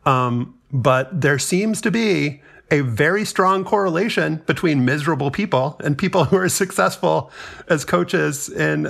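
Gravelly Southern man, wry sports talk. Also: a little high, fairly bright tone. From Louisiana. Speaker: podcast co-host. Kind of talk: casual sports chat.

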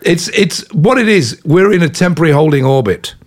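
A man in his fifties with an English accent, a rock musician chatting as an interview guest, telling animated anecdotes full of asides. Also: a little high, brisk. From England. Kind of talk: casual interview storytelling.

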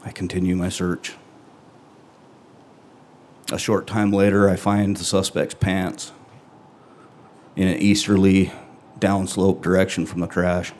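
A middle-aged man telling a true first-person story on stage, earnest and halting, with long pauses between phrases. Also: sits low, little pitch movement, darkish tone, a little hiss or hum.

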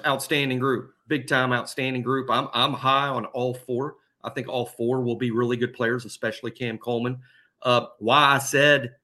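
A man talks recruiting on a sports podcast in a bright, forward voice at an ordinary pitch. He rambles and restarts his sentences as he works through a concession. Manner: rambling, self-correcting concession. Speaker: podcast co-host. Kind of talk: casual sports talk.

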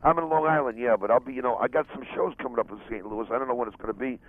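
A male rock singer chats fast and loosely down a telephone line. The voice is thin and phone-like, dry with no room. He sounds brash and friendly. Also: mid-range voice, dry recording. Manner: brash, friendly, casual with "man" and "you know". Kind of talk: phone interview. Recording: telephone line in archive tape.

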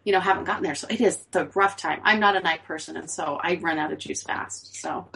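A woman co-hosting a podcast who talks casually and reflectively, often pausing and restarting her sentences. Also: lowish voice, vocal fry, sharp tone. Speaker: podcast co-host. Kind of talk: casual chat.

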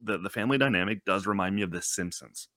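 A man's voice: sits low, quick pace, pushed and bright, dry recording, studio quality. A man in his thirties hosting a casual conversation, chatty and self-deprecating, laughing easily.

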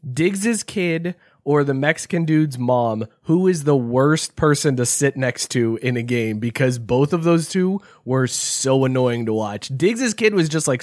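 A man's voice: mid-range voice, dry recording, clean studio sound. A man co-hosting a podcast in casual chat, telling jokes with animation. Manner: joking, animated storyteller. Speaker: podcast co-host.

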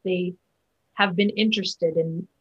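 The guest, a Broadway actor in a relaxed interview, speaks unhurriedly in a husky, breathy, lowish voice with a steady tone. Her talk is chatty, packed with fillers and restarts, and the sound comes through muffled and lo-fi.

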